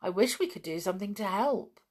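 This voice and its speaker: A woman's voice: medium pitch, lively intonation, brisk, darkish tone, natural voice. A woman voicing a polite, earnest older schoolboy in a storybook reading.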